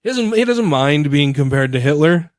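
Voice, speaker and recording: A man's voice: a little high, lively intonation, normal speed, no room sound, studio quality. A man co-hosting a podcast, telling a long story in casual, profane chat. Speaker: podcast co-host.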